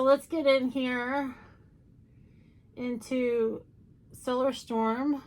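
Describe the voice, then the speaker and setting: A woman's voice: medium pitch, a little slow. A woman chatting casually through a makeup tutorial, playful and self-mocking. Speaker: makeup YouTuber.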